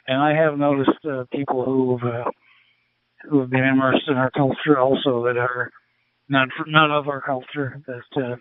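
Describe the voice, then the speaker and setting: A man's voice: mid-range voice, dry recording. Canadian man on a tinny radio. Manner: hesitant, warm-hearted, many fillers. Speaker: ham radio operator. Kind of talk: casual radio chat.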